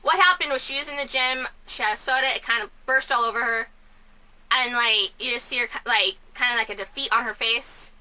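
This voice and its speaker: Woman vlogger at home, high bright voice, rambling and excitable. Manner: chatty, scatterbrained, quick bursts of loud outrage. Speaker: film and musical reviewer. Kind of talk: casual vlog commentary. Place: at home, family asleep next door.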